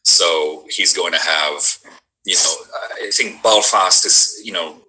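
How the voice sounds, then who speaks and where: A man's voice: sits low, slow, sharp tone, low-quality recording. A man, an actor, chatting casually and rambling about doing accents, with lots of fillers. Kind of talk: casual chat.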